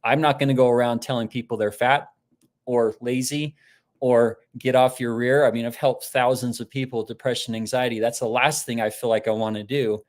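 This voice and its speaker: Animated, chatty male motivational speaker. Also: mid-range voice, brisk. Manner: animated storytelling, acting out quoted voices; conversational with frequent restarts. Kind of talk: live-streamed motivational talk.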